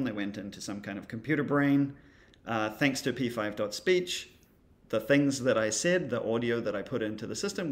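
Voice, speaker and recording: A man's voice: fairly low pitch, vocal fry. A man teaching creative coding in a casual screen-recorded tutorial, thinking aloud as he demonstrates, with a wry, dry humor.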